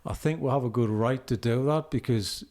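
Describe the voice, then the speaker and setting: A man from the North East of England with a Geordie accent hosts a relaxed podcast chat. He rambles a bit, restarting his sentences as he talks things through. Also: medium pitch, fairly quick. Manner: rambling, self-interrupting, chatty. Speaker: podcast host. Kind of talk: casual conversation.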